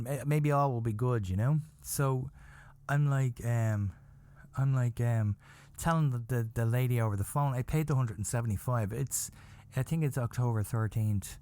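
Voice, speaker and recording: Profane rambling man telling a story. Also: medium pitch. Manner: profane, rambling and animated, acts out his own panic. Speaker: podcast host. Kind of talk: comedic storytelling monologue.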